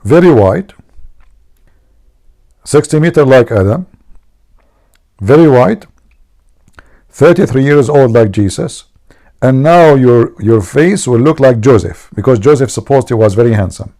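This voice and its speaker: A man's voice: mid-range voice, expressive, measured pace, long pauses, warm tone. A man hosting a live stream, teasing his viewers and telling jokes in a mocking way. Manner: mocking, teasing, jokey asides.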